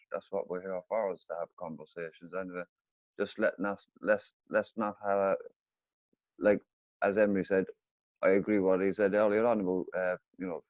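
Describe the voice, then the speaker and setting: A man on a casual group video call, relaxed and rambling, restarting his sentences. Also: sits low, no room sound. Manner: relaxed, rambling, repeats himself. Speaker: meeting participant. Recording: dull dry lo-fi audio.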